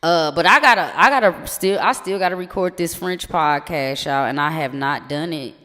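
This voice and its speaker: A live streamer chatting casually, rambling and slangy with plenty of swearing, stumbling now and then into halting French. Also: medium pitch, bright, forceful tone. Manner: rambling, loose and profane, slangy. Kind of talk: casual chat. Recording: long reverb with music behind.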